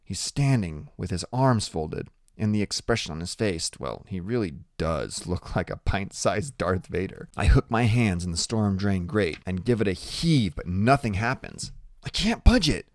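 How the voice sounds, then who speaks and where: A man's voice: low voice, normal speed, hardly any pauses, dry recording, studio quality. A man narrating an audiobook in the first person, in a plain, conversational storytelling manner.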